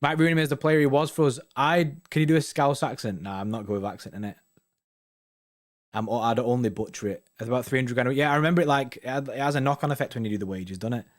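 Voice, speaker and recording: A man's voice: medium pitch, fast talker. A man co-hosting a football fan show, chatting casually and rambling with slang and restarts. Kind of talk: casual chat reading viewer comments.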